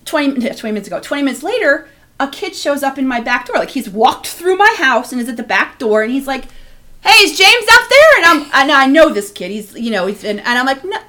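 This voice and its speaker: A woman's voice: sits high, fast. A middle-aged woman co-hosting a podcast, telling a story in casual chat, acting out the people she quotes and swearing freely. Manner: animated, acts out quotes, swears, laughs a lot. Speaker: podcast co-host.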